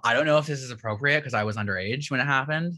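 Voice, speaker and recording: A man's voice: mid-range voice, racing, sharp tone. A young man from Canada telling a rambling story in casual chat, with lots of "like". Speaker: guest.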